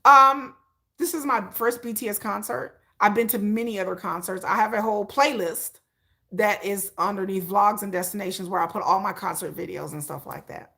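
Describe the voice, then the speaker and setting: A woman hosting a casual livestream, telling a long story in an animated, chatty way, rambling with restarts and acting out little asides. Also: mid-range voice, moderate pace, creaky. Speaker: livestream host.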